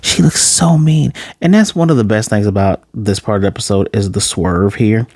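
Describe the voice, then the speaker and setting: A man's voice: on the low side, expressive, a little fast, a little mellow, no echo, studio quality. A man casually reviewing an anime episode, loose and rambling, with a few curse words. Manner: loose, rambling, profane, lots of fillers.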